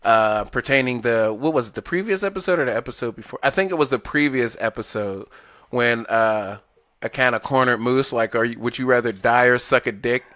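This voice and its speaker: Podcast guy, bright forceful voice, laughs a lot, repeats stuff, dry close mic. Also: medium pitch, brisk, dry recording. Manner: laughing, rambling, repeats himself. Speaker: podcast co-host. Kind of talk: casual chat.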